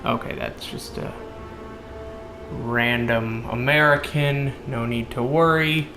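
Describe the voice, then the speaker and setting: A man's voice: medium pitch, takes it slowly, echoey room, music in the background. A man giving joking let's play commentary, goofy and playful, slipping into silly voices. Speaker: gamer.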